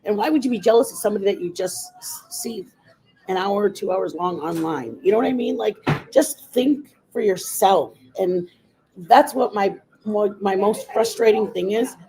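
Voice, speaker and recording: Lady doing her makeup on stream, just rambling and giving opinions, normal pitch. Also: animated, normal speed, dark tone, low-quality recording. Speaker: livestream host. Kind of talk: casual makeup livestream chat.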